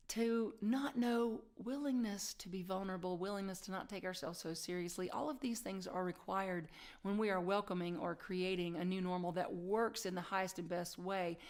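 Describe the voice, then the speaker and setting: A middle-aged woman pastor preaching in a chatty, self-deprecating way, sometimes dropping to a soft whisper for emphasis. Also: mid-range voice. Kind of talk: sermon.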